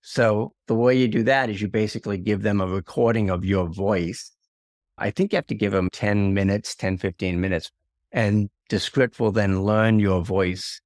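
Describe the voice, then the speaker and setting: A man hosting a casual software tutorial, walking through a screen share in a conversational tone with self-deprecating asides. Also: sits low, no echo, clean studio sound. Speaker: video tutorial host.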